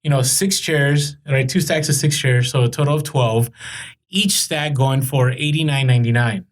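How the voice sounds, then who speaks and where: A man's voice: medium pitch, normal speed. A man co-hosting a podcast, telling rambling stories in casual chat with lots of fillers and restarts. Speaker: podcast co-host.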